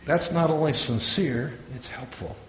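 A man's voice: on the high side, measured pace, a bit bright. Pastor guy preaching, tells stories and does the voices, roomy church echo, kinda muffled. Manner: storytelling, acts out quoted voices. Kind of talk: sermon. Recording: echoey room, dull lo-fi sound, faint hiss.

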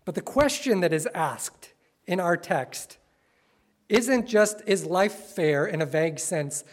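Guy preaching a sermon in church, chatty storyteller, drags out the big words slow. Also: high-pitched, animated. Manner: conversational, playful storytelling with sudden slow emphatic phrases. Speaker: pastor. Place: church sanctuary with congregation.

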